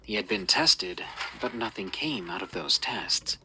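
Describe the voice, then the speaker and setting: Male narrator for a horror tale: low, gravelly voice with a bright edge, lively suspenseful delivery. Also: unhurried, a little hiss or hum, low-quality recording. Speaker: storyteller. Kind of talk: scripted horror story narration.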